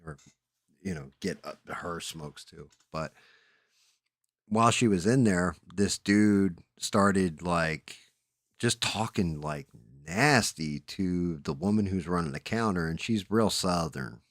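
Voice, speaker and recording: A man's voice: deep voice, takes it slowly, no room sound, studio quality. A man from the Northeastern United States telling rambling stories in casual chat, full of fillers and swearing. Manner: rambling anecdotes with fillers and profanity.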